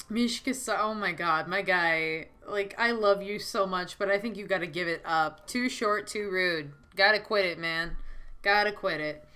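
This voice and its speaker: A woman playing a story game on video, reading it aloud with excitable, dramatic reactions. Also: medium pitch, normal speed. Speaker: let's play host. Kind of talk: reading a visual novel aloud with commentary.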